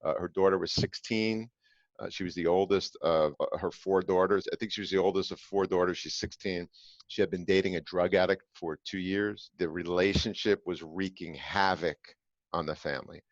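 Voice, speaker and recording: Deep-voiced, earnest male storyteller. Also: steady tone, moderate pace, dry recording, highs cut off. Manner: earnest, emphatic storyteller with filler "uh"s. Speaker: podcast host. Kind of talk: personal storytelling to a co-host.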